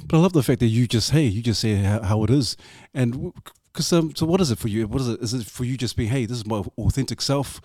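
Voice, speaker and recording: Fast-talking enthusiastic New host. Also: male voice, mid-range voice, a little mellow, no echo, studio quality. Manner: enthusiastic, praising, restarts phrases. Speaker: podcast host. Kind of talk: interviewing, casual chat.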